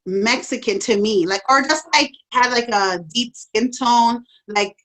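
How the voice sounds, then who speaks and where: A woman's voice: on the high side, measured pace, fairly bright tone, poor audio. Rambling woman in casual chat. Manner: rambling, full of "like" and "you know". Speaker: guest.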